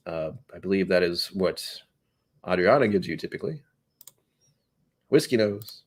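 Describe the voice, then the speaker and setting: Young male livestream host, slightly low voice, loose and jokey, addresses viewers by name. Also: lively intonation, moderate pace, pauses often. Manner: rambling, jokey, talks to chat viewers by name. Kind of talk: casual live-stream chat reading comments.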